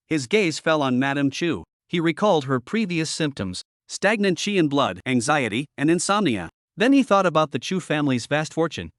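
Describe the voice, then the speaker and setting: A man narrating a recap story in a scripted, dramatic and expressive way. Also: fairly high pitch, dry recording, clean studio sound.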